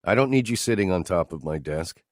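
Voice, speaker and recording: Male audiobook narrator with a very low voice, a firm, clipped read, and a dry studio sound. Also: animated, brisk, no echo. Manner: terse, firm, cold. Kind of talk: scripted first-person narration.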